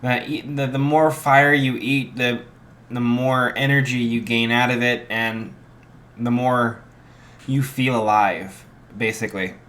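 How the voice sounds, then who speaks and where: A young man improvising a fan story, halting with many restarts and fillers. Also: medium pitch, fairly even intonation, fairly bright tone.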